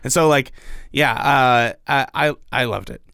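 A man's voice: medium pitch, unhurried, creaky, pushed and bright, clean tone, dry recording, clean studio sound. A man co-hosting a podcast in casual chat, laughing and swearing freely. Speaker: podcast co-host.

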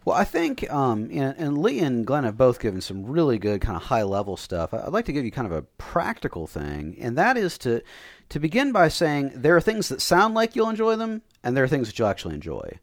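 A man's voice: medium pitch, huge pitch swings, fairly quick, dry recording, studio quality. A man with an American accent chatting casually on a podcast, jokey and self-deprecating. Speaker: podcast co-host.

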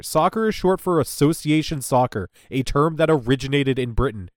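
A man's voice: fairly high pitch, fairly quick, no echo, studio quality. A man co-hosting a podcast, casually recapping a TV episode and slipping into sarcastic, rambling rants with mock voices. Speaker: podcast co-host.

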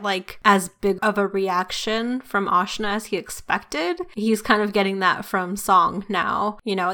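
A woman in a mid-range voice chats about a book on a podcast. She is animated, laughs as she talks and drops into the characters' lines. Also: medium pitch. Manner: animated, laughs while talking, quotes characters. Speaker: podcast co-host. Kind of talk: casual book discussion.

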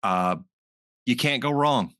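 Bright-voiced man chatting about movies. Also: mid-range voice, lively intonation, slow. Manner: easygoing, agreeing often, chuckling. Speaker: movie review podcast co-host. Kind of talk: casual chat.

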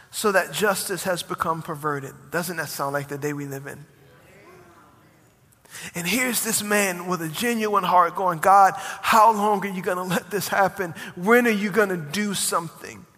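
A man preaching a sermon as pastor, impassioned and rising to near-shouts when he presses a point. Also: sits high, measured pace, in a large hall.

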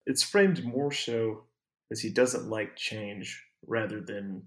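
A man's voice: lowish voice, takes it slowly. A man summarizing a story in casual chat, with hesitant restarts. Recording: roomy echo.

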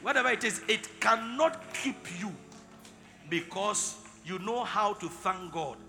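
A male pastor preaching a sermon, leading the congregation in call and response and building up to shouting. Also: high-pitched, animated, measured pace. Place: large church hall. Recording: reverberant hall with music.

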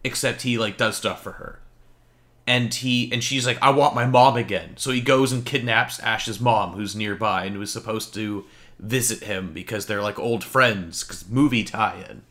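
A young man with a bright, forceful voice, co-hosting a gaming podcast. He teases his partner and launches into eager, detailed plot summaries. Relaxed casual talk. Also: fairly low pitch, unhurried. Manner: enthusiastic, teasing, detailed storyteller. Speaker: podcast co-host.

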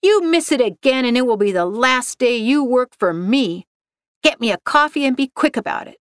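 Woman doing impatient man in charge, curt and demanding, fairly high voice, dry sound. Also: expressive, normal speed, smooth, dry recording. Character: bossy impatient male office manager.

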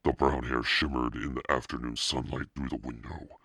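A man's voice: extremely low pitch, fairly even intonation, normal speed, sharp tone, breathy edge, dry recording, studio quality. A man casually reading a children's book aloud, now and then breaking off to comment on the text. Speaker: reader.

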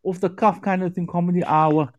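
A man from South Africa with a South African accent, chatting casually as a guest on a live show, animated and joking with rambling asides. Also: sits high, brisk, highs cut off.

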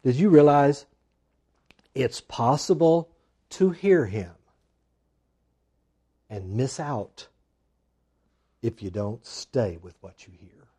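Preacher with a husky, mellow voice. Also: male voice, medium pitch, takes it slowly, pauses often. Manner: dramatic swings from loud emphasis to hushed asides. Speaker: pastor. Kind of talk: sermon.

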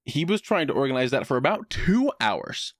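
A man on a podcast, telling a personal story in casual chat with a wry tone and quick put-on voices for other people. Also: medium pitch, very animated, no echo, clean studio sound. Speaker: podcast co-host.

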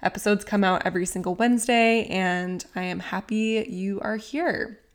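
A woman hosting a podcast, giving a steady, welcoming intro and introducing her guest. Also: medium pitch, normal speed. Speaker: podcast host.

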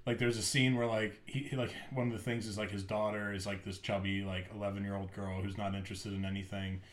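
A man's voice: lowish voice, level tone, quick pace, reverberant. A man co-hosting a podcast, chatting casually and rambling with lots of fillers. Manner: rambling, filler-heavy, enthusiastic. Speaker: podcast co-host. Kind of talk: casual chat.

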